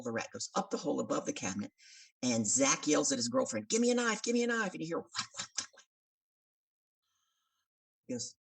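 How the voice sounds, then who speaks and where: A woman, a business coach and podcast guest, telling a story in an animated way and acting out the voices of the people in it. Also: deep voice, creaky, husky, distant mic.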